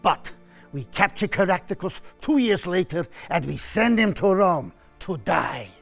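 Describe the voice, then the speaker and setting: A man putting on a weary Roman foot soldier with a put-on Italian accent, lilting and theatrical. His voice sits a little high as he recounts the march. Light music runs beneath. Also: big pitch swings, measured pace, gravelly, heavily acted. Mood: storytelling. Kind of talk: educational drama.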